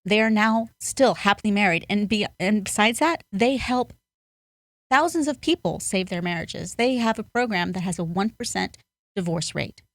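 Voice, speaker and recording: A woman's voice: medium pitch, lively intonation, normal speed, no echo. A woman life coach, a podcast guest, telling a story earnestly. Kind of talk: conversational interview.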